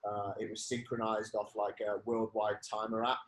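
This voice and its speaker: A man's voice: fairly low pitch, flat delivery, moderate pace, poor audio. A man who is a guest on a podcast, explaining things loosely with lots of fillers in a casual chat.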